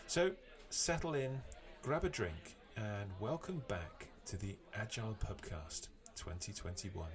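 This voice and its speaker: A man's voice: on the low side, a little slow, hardly any pauses, music in the background. British man hosting a chatty podcast. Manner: relaxed, chatty, with fillers and restarts. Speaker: podcast host. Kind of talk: casual chat and scripted episode intro. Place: home, remote call.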